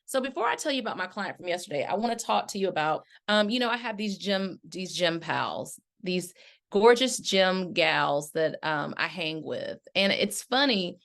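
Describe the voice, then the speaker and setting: This middle-aged woman has a fairly low, expressive, fairly bright voice with vocal fry, speaking at a moderate pace. As a life coach hosting her podcast, she tells a story and coaches listeners casually, calling them "y'all."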